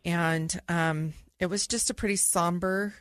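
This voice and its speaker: A middle-aged woman, a podcast co-host, telling a personal story earnestly with halting restarts. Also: lowish voice, steady tone, a bit bright, dry recording, studio quality.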